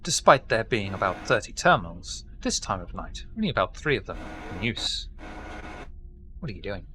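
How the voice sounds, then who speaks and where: A man's voice: lowish voice, very animated, moderate pace, sharp tone, slight background noise. A man narrating scenes as game master of a tabletop role-playing game. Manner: descriptive, sets scenes.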